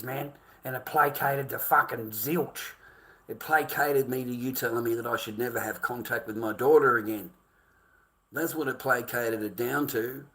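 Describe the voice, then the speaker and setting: A man's voice: mid-range voice, fairly even intonation, moderate pace, pushed and bright. A middle-aged Australian man ranting to his livestream chat, swearing constantly and calling viewers mate and boys.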